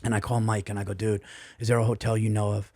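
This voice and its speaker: Profane, excitable man telling a story. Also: on the low side, fast, husky. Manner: profane, excitable, acts out voices. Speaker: podcast guest, comedian. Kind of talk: animated storytelling. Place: podcast studio. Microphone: studio mic.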